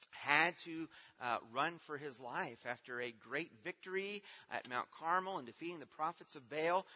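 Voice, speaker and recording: A man teaches a children's church assembly, putting questions to the kids and praising each right answer. His voice sits a little high and has a bright, forceful edge. The long reverb of a big hall and a dull, lo-fi recording surround him. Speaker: children's Bible program leader.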